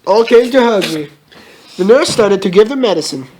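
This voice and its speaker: A young man giving a comedic, mock-melodramatic reading of a fan story, with shrill put-on outbursts. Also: expressive, moderate pace, a little mellow.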